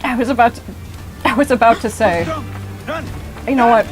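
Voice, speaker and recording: A young woman streaming a game, talking in a rambling, excitable way and swearing often. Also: fairly high pitch, normal speed, over music, rough recording. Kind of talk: casual gameplay commentary.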